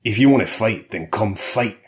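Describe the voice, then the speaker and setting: A male narrator voicing a tough older male ex-soldier prisoner with a Scottish accent, gruff and grunting. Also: fairly low pitch, animated, moderate pace, voice pushed up. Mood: defiant.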